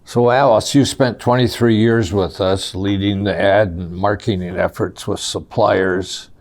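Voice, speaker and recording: Very low-voiced guy doing an interview, short quiet prompts, laid back. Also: steady tone, a little slow. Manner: brief, low-key prompts and questions. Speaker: editorial director, interviewer. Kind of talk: conversational interview.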